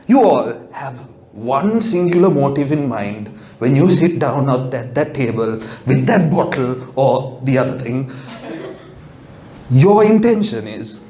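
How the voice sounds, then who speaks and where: A man's voice: mid-range voice, darkish tone, slight background noise. A male stand-up comedian, sardonic and swearing freely during a set before a live audience.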